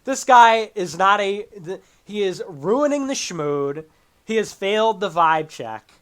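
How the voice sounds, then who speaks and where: A man's voice: sits high, lively intonation, unhurried, fairly bright tone, clean tone. A man hosting a livestream, ranting and mocking a video he is reacting to with laughter and exaggerated emphasis. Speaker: streamer host. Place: home streaming setup with green screen.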